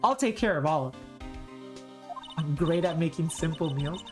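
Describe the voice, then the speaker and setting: A woman's voice: low voice, expressive, normal speed, darkish tone, soft background music, voice pushed down. A woman voicing a scruffy, good-natured adult male detective from a video game, who calls everyone pal. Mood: eager.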